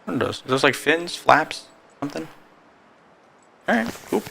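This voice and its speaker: A young man playing a survival game, switching between excited commentary and narrated recaps. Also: fairly high pitch, moderate pace, vocal fry, a little hiss or hum. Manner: excitable, exclaims and talks to himself. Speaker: gaming video creator. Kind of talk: let's-play commentary with voice-over narration.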